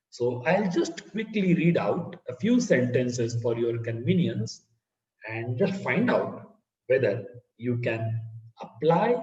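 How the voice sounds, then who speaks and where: A man with an Indian English accent giving an online phonetics lecture in a slow, deliberate teaching manner. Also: medium pitch. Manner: slow, deliberate teaching with lively rising and falling intonation. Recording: roomy, dull sound from a distance.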